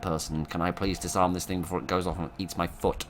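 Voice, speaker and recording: Very deep-voiced man, self-mocking gamer. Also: level tone, fast talker, hardly any pauses. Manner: self-mocking, rambling, dry humour. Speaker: gameplay commentator. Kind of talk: let's play commentary. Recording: noisy background.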